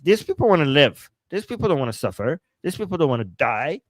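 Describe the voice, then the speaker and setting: A man from Iran, hosting a live-streamed political commentary, reading chat aloud with a sarcastic, animated manner and frequent laughs. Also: fairly high pitch, quick pace, hardly any pauses, dry recording. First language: Persian. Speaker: political commentator and livestream host.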